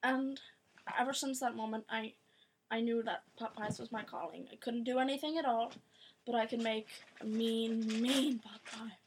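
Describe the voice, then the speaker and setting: A woman's voice: fairly high pitch, fairly even intonation, normal speed, slight background noise, lightly acted, rough recording. A woman voicing a boastful female pot pie maker who rambles as a talk show guest.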